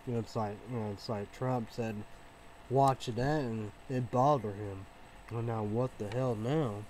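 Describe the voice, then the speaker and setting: A man in a casual vlog monologue, rambling and repeating himself, with many fillers and restarts, swinging between low mumbling and loud outbursts. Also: slight background noise, rough recording. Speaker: vlogger.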